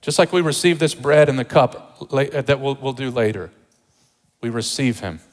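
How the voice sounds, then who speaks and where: A man's voice: mid-range voice, moderate pace. Man preaching in an echoing hall. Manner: emphatic preaching with repeated rhetorical questions. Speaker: pastor. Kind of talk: sermon.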